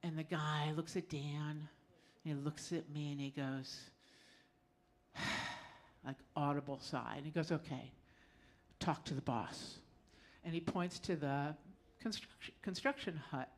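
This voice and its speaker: Middle-aged female storyteller, live club stage, slightly low voice, lively conversational delivery. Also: moderate pace. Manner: lively, conversational, often laughing.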